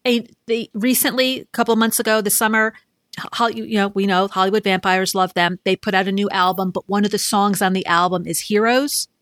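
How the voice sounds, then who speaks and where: A woman's voice: mid-range voice, steady tone, a little fast, fairly bright tone, no echo. A woman hosting a casual tech podcast, upbeat as she moves the conversation along. Her voice is recorded dry and close, with no room sound. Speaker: podcast host. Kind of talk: casual chat.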